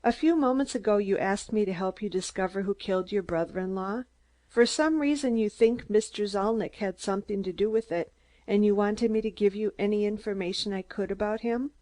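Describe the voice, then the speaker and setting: A woman's voice: medium pitch, brisk, warm tone, lightly acted. A woman reading a cool, formal young stenographer. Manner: coldly formal.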